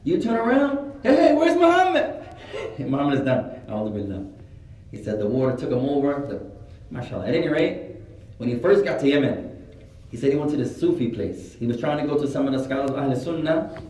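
A man giving a religious lesson, telling a story with lively retellings and Arabic religious phrases woven into his English. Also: medium pitch, a little fast. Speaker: religious teacher. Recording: very echoey room from a distant mic.

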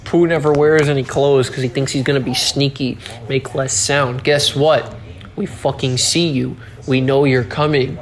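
A man hosting a casual solo podcast, joking around, swearing a lot and breaking into sudden yells. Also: medium pitch, steady tone, measured pace. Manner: profane, joking, with sudden yelling outbursts. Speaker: podcast host.

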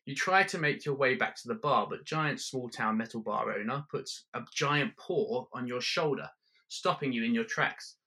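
Brief: male storyteller, deadpan and wry, bright, forceful tone. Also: mid-range voice, normal speed. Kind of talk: second-person comic storytelling.

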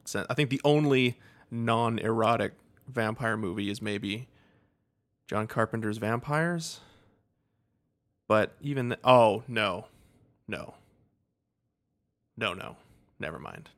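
A man's voice: lowish voice, expressive, slow, long pauses, fairly bright tone. A man co-hosting a casual movie podcast, wry and chuckling as he retells scenes. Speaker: podcast co-host. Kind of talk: casual movie-recap chat.

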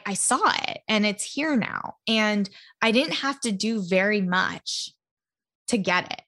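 A woman of middle pitch speaks in a relaxed solo podcast talk. She is chatty and heartfelt, leaning into spiritual ideas, and scatters "like" through her sentences. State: emotional, near tears at times. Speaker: podcast host. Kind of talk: casual solo podcast monologue.

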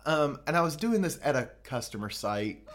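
A man's voice: a little high, very animated, moderate pace, slight background noise. A man co-hosting a casual podcast, telling a rambling, crude, joking story. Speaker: podcast co-host. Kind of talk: casual chat.

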